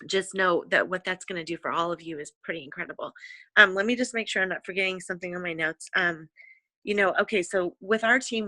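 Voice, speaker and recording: Lady giving a pep talk on a team call, lowish voice, gushing and encouraging, lots of ums. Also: pushed and bright, no room sound. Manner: effusive, encouraging, rambling with many fillers. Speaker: direct sales team leader. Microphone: conference call.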